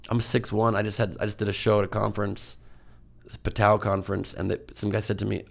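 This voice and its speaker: Man, comedian guest, low voice, gravelly, rambling casual podcast chat. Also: brisk. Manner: rambling, animated, filler-heavy, self-mocking.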